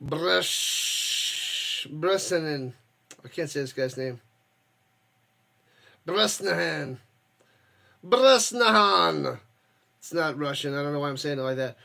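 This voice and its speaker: A man's voice: mid-range voice, fairly even intonation, moderate pace, sharp tone. A man hosting a live watch party stream, chatting with viewers and calling plays in a loose, joking way. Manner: loose, jokey, reads chat, bursts up for plays. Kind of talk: casual play-by-play with chat.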